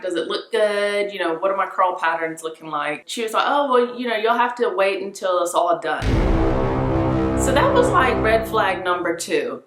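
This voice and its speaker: Young woman vlogger, lively storyteller who acts out quotes, echoey room. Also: mid-range voice. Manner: animated, acts out quoted voices. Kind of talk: casual storytime to camera.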